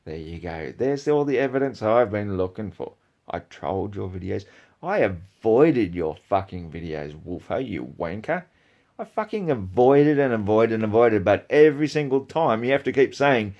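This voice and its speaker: A man delivering angry ranting commentary, profane and heated, swinging between low mutters and loud outbursts. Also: big pitch swings, moderate pace. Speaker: video creator.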